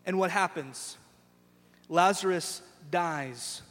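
Animated preacher in a big hall. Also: male voice, high-pitched, unhurried. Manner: animated storytelling preacher who acts out voices. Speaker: pastor. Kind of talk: sermon. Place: large church sanctuary. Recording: long hall reverb in a church.

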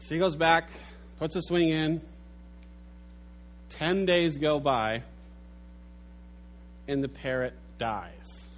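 A preacher delivers a sermon with animated storytelling and sinks low and quiet at the sad moments. His voice runs somewhat high for a man, with faint noise underneath. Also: drawn-out words, pauses often. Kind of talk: sermon with a told joke.

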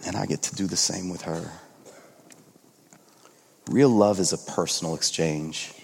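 Earnest lower-voiced male pastor in a hall. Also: measured pace, gravelly, a little hiss or hum. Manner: earnest, shifting between hushed and excited. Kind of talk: conversational sermon.

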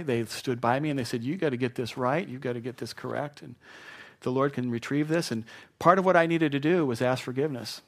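A middle-aged male pastor preaching a sermon. He acts out quoted apologies and excuses with lively shifts of voice. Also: mid-range voice.

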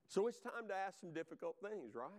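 A man's voice: sits high, big pitch swings, a little fast. A male pastor preaching a sermon, fervent and exhorting, driving points home by repetition.

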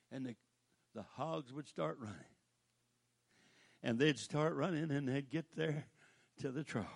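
Older man, gravelly voice, slow lively delivery, folksy sermon storytelling. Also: a little high. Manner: folksy, drawling storyteller who breaks into shouted praise. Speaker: preacher.

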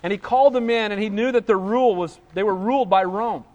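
A male pastor preaching an expository sermon, animated, acting out quoted voices and asking for the congregation's agreement. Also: high-pitched, fast talker, in a large hall, highs cut off.

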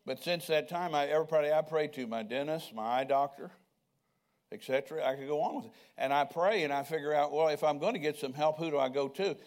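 A man's voice: a little high, fast, darkish tone. An older man preaching a sermon in a conversational way, often asking the congregation questions. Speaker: pastor.

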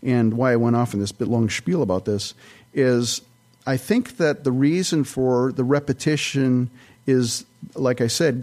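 A man's voice: mid-range voice, a little mellow. Man preaching a rambling conversational sermon. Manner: conversational, rambling with restarts and side notes. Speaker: pastor.

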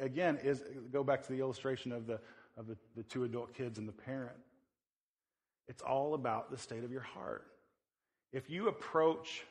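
A man preaching a sermon as pastor, conversational and emphatic, turning forcefully insistent. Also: medium pitch. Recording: long hall reverb.

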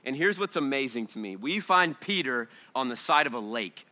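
Energetic pastor with a bright voice. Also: male voice, medium pitch, normal speed. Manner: energetic, swinging from shouts to hushed storytelling. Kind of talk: sermon. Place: church sanctuary before a congregation.

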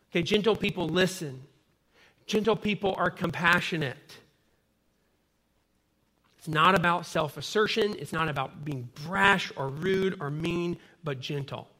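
Bright-voiced man preaching a sermon. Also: high-pitched. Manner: conversational preaching with personal stories. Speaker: pastor.

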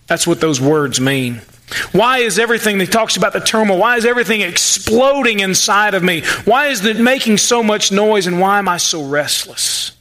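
Bright-voiced male pastor preaching. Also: sits high, lively intonation, moderate pace. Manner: conversational preaching, acts out the psalmist's voice. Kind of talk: sermon.

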